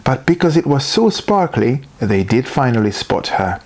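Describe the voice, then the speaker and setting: A storyteller reading a children's story aloud in an animated, unhurried way. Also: mid-range voice, vocal fry.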